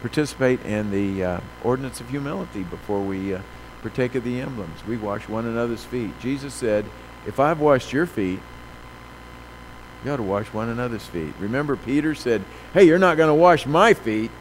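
A man preaching a sermon, reading scripture slowly and with emphasis, then telling folksy stories with many fillers. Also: medium pitch, a little mellow, a little hiss or hum, low-quality recording. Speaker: pastor.

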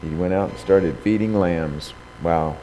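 Long hall reverb and faint background noise surround a man preaching in a low, dark, unhurried voice. He reads scripture aloud, raises his voice for the quoted lines, and keeps asking rhetorical questions.

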